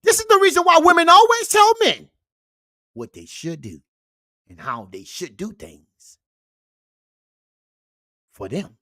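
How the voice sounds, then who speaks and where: A performer puts on a sermonizing uncle who lectures his audience like a preacher. His pitch leaps wildly from high squeals to low growls, and he leans on "baby" and "you see". The sound is close and completely dry. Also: wildly swooping pitch, unhurried, long pauses, pushed and bright, no room sound, exaggerated voice. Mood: preachy. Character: preachy male uncle lecturing on red-pill views. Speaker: host. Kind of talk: comedic character monologue reacting to clips.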